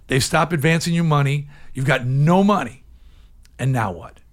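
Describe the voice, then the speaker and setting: An older man talking as an interview guest, his voice sitting a little higher than most men's. He tells his story in a candid, animated way, shouting some points and dropping others almost to a murmur. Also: moderate pace. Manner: animated, swings from loud emphatic outbursts to low hushed asides.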